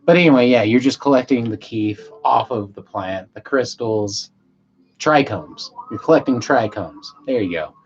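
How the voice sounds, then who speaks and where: A man hosting a casual livestream, high and rambling, swearing freely and losing his train of thought as he reads chat aloud. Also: animated, normal speed, muffled recording. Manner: loose, meandering, self-interrupting, stoned and swearing. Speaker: livestream host.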